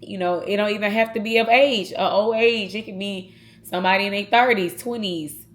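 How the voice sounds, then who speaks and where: A woman's voice: mid-range voice, fairly even intonation, moderate pace. A woman talking casually and earnestly to her viewers in a vlog, speaking straight to them. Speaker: vlogger.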